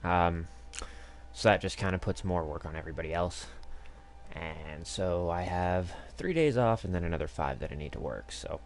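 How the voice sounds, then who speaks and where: A man's voice: low-pitched, lively intonation, normal speed, a little hiss or hum. A man streaming a game live, giving casual commentary in a crude, profane, rambling way with lots of fillers. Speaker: gaming streamer.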